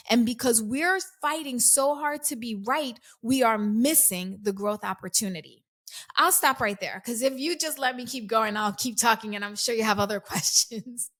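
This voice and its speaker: A woman's voice: fairly high pitch, moderate pace, fairly bright tone. A woman guest on an interview podcast, telling her life story candidly and animatedly, acting out remembered dialogue and laughing often. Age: adult, past early twenties. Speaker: guest author and coach.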